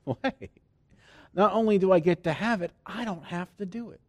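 A man preaching a sermon who swings from loud emphasis to hushed near-whispers and laughs often between points. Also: high-pitched, moderate pace, long pauses, dry recording.

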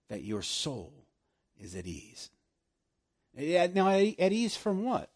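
A man preaching a sermon, animated and laughing often, slowing right down to stress scripture. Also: high-pitched.

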